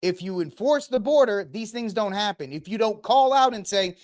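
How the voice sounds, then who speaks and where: A man's voice: high voice, expressive, moderate pace, darkish tone. A man hosting his own political commentary show, ranting in a heated, indignant way and piling up accusations. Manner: fiery, indignant ranting with repeated blame.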